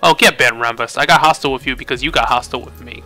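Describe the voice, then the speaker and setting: A man voicing a hot-tempered young woman hacker in a video game, reading her lines sharp and indignant. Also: mid-range voice, racing, soft background music. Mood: angry.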